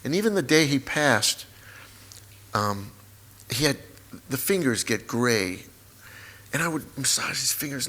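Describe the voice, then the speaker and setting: Man in his sixties, memoir author, live stage conversation, halting, emotional, mid-pitched voice. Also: very animated, pushed and bright. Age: 60s. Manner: halting, repetitive, openly emotional. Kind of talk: emotional personal storytelling on stage. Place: live talk event in a hall.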